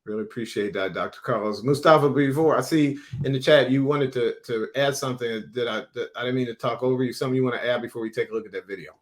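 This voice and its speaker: A man's voice: mid-range voice, quick pace, hardly any pauses. Middle-aged man telling a family story. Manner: warm storyteller, acts out quoted voices. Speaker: moderator. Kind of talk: storytelling in a panel discussion.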